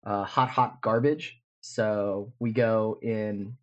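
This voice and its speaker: A man's voice: lowish voice, fairly even intonation, slow pace, highs cut off. A man in his twenties, co-hosting a podcast, rambling through a casual story full of fillers. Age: 20s. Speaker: podcast co-host. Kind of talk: casual chat.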